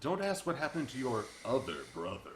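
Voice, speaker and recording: A man making sarcastic, animated comments in a casual group reaction chat. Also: medium pitch, a little fast, a little hiss or hum. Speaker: reaction video panelist.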